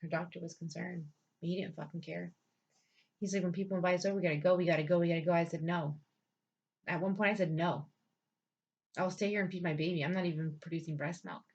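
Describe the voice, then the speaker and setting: Woman venting her life story, lots of swearing, lowish voice, dull lo-fi audio. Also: darkish tone, breathy edge. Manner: blunt, frustrated, profane. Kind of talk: candid storytelling, heavy swearing. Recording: dull lo-fi sound.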